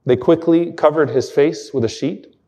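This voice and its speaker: A man's voice: fairly high pitch, moderate pace, mellow. A man giving an Islamic lecture, retelling an emotional story earnestly and quoting Arabic passages. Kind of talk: sermon-style storytelling lecture.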